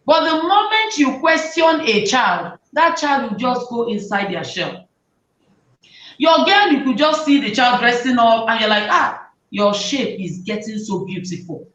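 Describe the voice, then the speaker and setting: A fairly high-voiced woman gives parenting advice in an animated, conversational way, slipping into the voices of parents and children. She sits back from the mic in an echoey room, and the sound is dull and muffled. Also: measured pace. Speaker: talk show host advising parents. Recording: roomy, distant, dull sound.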